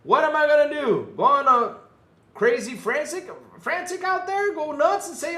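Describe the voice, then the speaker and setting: A man's voice: very high-pitched, wildly swooping pitch, moderate pace, sharp tone, roomy sound. A man hosting a casual livestream podcast, talking animatedly, swearing freely and acting out what others say. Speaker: podcast host.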